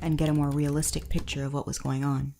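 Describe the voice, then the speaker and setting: A very low-voiced woman reads scripted narration with a dramatic storytelling delivery. Faint noise sits beneath her voice. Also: flat delivery, fast, vocal fry.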